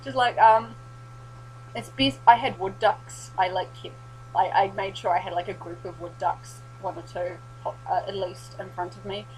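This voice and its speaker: A young woman, telling a sweary, animated story in a casual vlog recap. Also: mid-range voice, moderate pace, slight background noise, poor audio. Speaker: vlogger.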